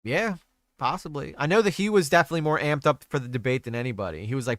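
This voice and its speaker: A man's voice: mid-range voice, fast talker, a bit bright, no room sound, studio quality. A young man hosting a casual stream chat, talking crudely and rambling, often trailing off mid-sentence. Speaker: streamer host.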